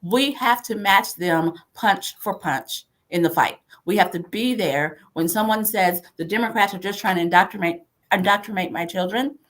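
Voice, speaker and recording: A woman's voice: medium pitch, normal speed, a bit bright. A woman who chairs a party, hosting a livestream and rallying supporters with emphatic, repeated calls to action over a video call. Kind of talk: rallying political talk.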